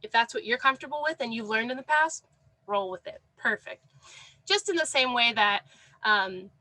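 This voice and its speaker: Bright, encouraging woman teaching online. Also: a little high, lively intonation, moderate pace, no room sound, poor audio. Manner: encouraging, praising students by name. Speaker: sign language teacher. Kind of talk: online class instruction. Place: home, with a dog under the desk. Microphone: video call.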